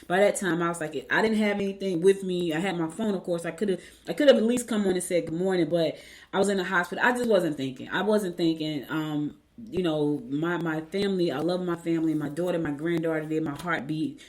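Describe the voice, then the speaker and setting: A woman's voice: lowish voice, fairly quick. Chatty woman telling a story. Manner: animated storytelling, chatty, addresses audience as y'all. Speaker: morning show host. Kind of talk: casual chat to viewers.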